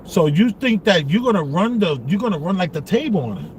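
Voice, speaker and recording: A man's voice: high-pitched, sing-song, a little fast. A middle-aged man teasing and needling in casual banter, repeating himself. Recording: noisy background.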